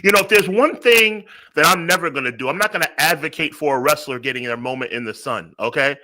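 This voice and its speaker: A man's voice: fairly high pitch, fast, sharp tone, poor audio. A man playing a smug, arrogant heel wrestler persona who rants and repeats himself. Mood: smug ranting. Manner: ranting, self-righteous, repeats himself.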